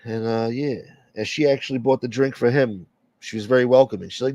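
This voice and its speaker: A man's voice: mid-range voice, fairly even intonation, brisk, a little mellow, no echo. Male stream host, blunt and rambling, dull lo-fi dry audio. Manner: blunt, opinionated rambling with frequent asides. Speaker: livestream host. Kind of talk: casual chat.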